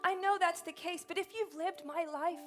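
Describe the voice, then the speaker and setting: A woman's voice: very high voice, fairly even intonation, normal speed, soft background music. A woman playing Petunia, a naive, cheerful young woman with a New York accent, in an improvised musical comedy. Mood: eager.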